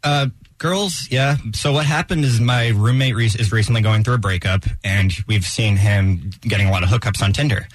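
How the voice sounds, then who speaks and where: A man's voice: fairly low pitch, normal speed, no room sound. A young man, an intern, hesitantly explaining himself on a radio show with lots of fillers. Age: young adult. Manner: hesitant, lots of likes and uhs. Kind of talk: casual on-air chat.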